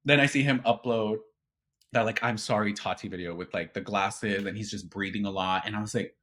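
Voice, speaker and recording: Animated man telling a story. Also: lowish voice, brisk. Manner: animated, acts out quoted dialogue, swears freely. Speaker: interview guest. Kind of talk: casual storytelling interview.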